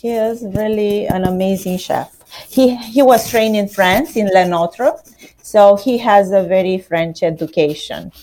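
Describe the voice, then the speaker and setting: Slow-speaking Romanian-accented woman. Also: medium pitch, darkish tone, a little hiss or hum. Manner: non-native phrasing, many hesitations. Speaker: macaron shop owner. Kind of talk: interview answers.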